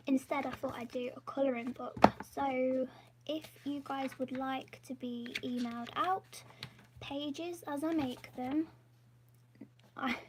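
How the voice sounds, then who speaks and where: A woman's voice: high voice, slight background noise. A woman live-streaming from her home office, chatting in a rambling, self-deprecating way, often dropping to a half-whisper. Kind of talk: casual live-stream chat.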